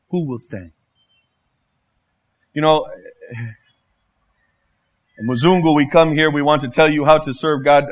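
A man in his fifties preaching a sermon as a guest preacher, telling humorous, animated stories. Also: on the high side. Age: 50s.

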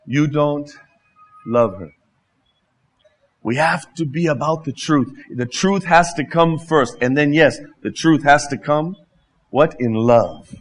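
A middle-aged pastor delivers an impassioned sermon, his voice a little high and his pace slow. He leans on rhetorical questions and repetition, swinging from loud to hushed.

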